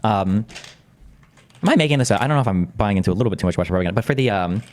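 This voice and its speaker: Fast-talking sarcastic male streamer. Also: on the low side, expressive. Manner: profane, sarcastic, rapid asides. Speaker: streamer reacting to a video. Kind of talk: casual live-stream commentary.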